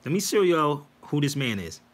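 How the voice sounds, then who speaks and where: On a livestream, a man with a fairly high-pitched voice talks at normal speed. He's a preachy, animated host who calls out to his viewers directly, casually yet insistently, referring to them as "y'all."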